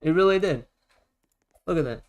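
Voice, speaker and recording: A man talking casually on a live stream while gaming, in a loud, projecting voice, often repeating himself for emphasis. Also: fairly high pitch, expressive, normal speed, dull audio.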